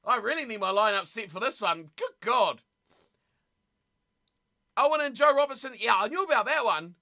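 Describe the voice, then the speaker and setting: A streamer giving casual live commentary at a rugby watch party, chatting with viewers and shouting with excitement at big plays. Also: medium pitch, moderate pace. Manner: chatty, talks straight to viewers in chat.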